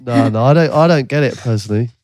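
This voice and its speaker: A man of ordinary pitch co-hosting a podcast, chatting casually and defending himself with frequent laughs and stumbling restarts. His voice is close and dry on the mic, with no room sound. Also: quick pace, a little mellow, no echo. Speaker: podcast co-host. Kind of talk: casual banter.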